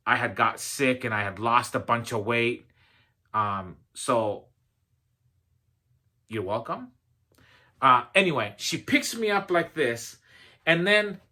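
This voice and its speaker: Telling a personal story as a motivational speaker, this man keeps things loose and conversational, leaning on self-deprecating humor and plenty of "um" and "you know." His voice is bright and forward, pitched in the middle.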